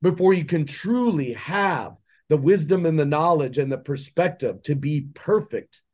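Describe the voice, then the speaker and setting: This man, a father who is an entrepreneur and mentor, is a podcast guest preaching his beliefs in an impassioned monologue full of rhetorical questions. His expressive voice sits on the high side, a little mellow, at normal speed.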